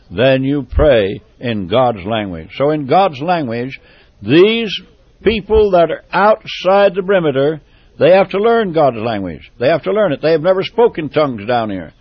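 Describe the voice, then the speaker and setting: A man preaches in an emphatic, repetitive style, circling back to the same phrases and building fervor. His voice sits a little high for a man. The sound is dry and dull, like an old lo-fi radio broadcast. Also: lively intonation, measured pace, breathy edge, no room sound. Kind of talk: sermon.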